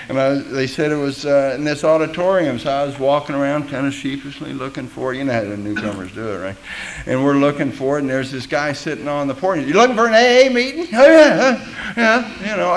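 A man's voice: on the high side, a little hiss or hum, low-quality recording. A man giving a personal testimony at a recovery meeting, telling his story candidly and with self-mocking humor, acting out the voices of people he quotes.

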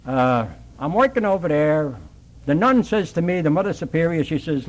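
A man's voice: on the high side, very animated, normal speed, poor audio. An older man telling his sobriety story in a plainspoken, working-class way, acting out the dialogue. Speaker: recovering alcoholic sharing his story. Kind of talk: storytelling at a recovery meeting.

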